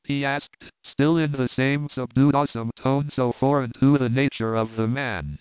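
A man giving a measured, even narration of a classic story. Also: medium pitch, clean tone, dry recording. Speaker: audiobook narrator. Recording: narrow phone-like band, dry.

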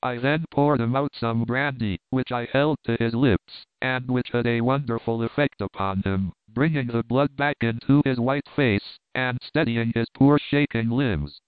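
A man giving a measured, even narration of a classic story. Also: mid-range voice, clear, resonant tone, no echo. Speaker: audiobook narrator. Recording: narrow phone-like band, dry.

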